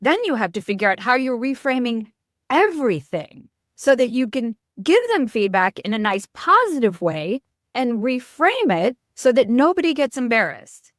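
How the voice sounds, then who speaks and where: A middle-aged woman from New York, a marketing expert speaking as a podcast guest, blunt and animated, often breaking off mid-sentence. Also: a little high, normal speed, no room sound, studio quality. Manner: blunt, animated, self-interrupting. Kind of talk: casual podcast interview.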